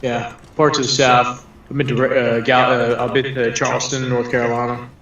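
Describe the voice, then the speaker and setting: A man's voice: mid-range voice, level tone, moderate pace, a bit bright, dull audio. A man calls in for a casual chat, stumbling over restarts and repeating himself. He sits far from his mic in a very echoey room. A faint hiss runs underneath. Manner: hesitant, lots of restarts and repeated words. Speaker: caller.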